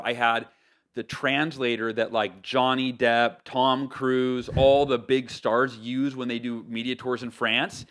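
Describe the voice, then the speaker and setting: A man from the United States, an author, telling stories as a podcast guest in an animated way, with lots of fillers and restarts. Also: medium pitch, smooth. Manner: animated, loose talk with many fillers and self-corrections. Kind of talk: casual storytelling interview.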